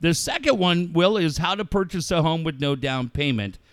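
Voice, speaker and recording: A man's voice: a little high, expressive, moderate pace, no echo. A man co-hosting a talk show, casually joking and reading mock fan letters for sponsors. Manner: jokey, reads mock fan letters aloud. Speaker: radio show co-host.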